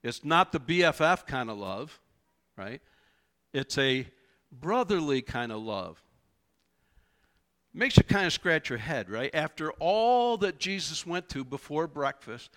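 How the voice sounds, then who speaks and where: Pastor, male: slow, bright delivery, conversational sermon with lots of asking back. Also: high-pitched. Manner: animated, conversational preaching with rhetorical questions. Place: church.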